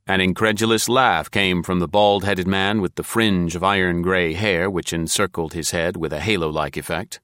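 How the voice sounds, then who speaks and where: A man reads an old detective tale aloud in a measured, even way. His voice is very deep, and the sound is close and dry with no room around it. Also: no room sound. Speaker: narrator. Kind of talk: audiobook narration.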